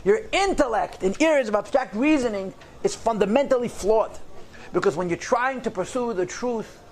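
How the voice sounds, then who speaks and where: Male rabbi, teaching a class; high-pitched man's voice, emphatic and driven, drops in Hebrew and Yiddish words. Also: lively intonation, normal speed, a little hiss or hum. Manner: emphatic, passionate, punchy repeated phrases; mixes in Hebrew and Yiddish terms. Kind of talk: lecture on Jewish texts.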